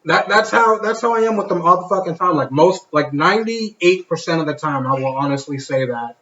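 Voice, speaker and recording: A man's voice: sits high, animated, a little fast, bright, forceful tone. A man co-hosting a podcast, telling candid stories about his kid with plenty of swearing and restarts. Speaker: podcast co-host. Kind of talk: casual podcast chat. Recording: echoey room, dull lo-fi sound.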